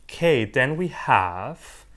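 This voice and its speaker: A man in the middle of a casual unboxing vlog, talking at an everyday middle pitch. He is lively and playful, often joking at his own expense as he chats. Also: slow. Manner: animated, playful and self-mocking. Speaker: orchid hobbyist vlogger.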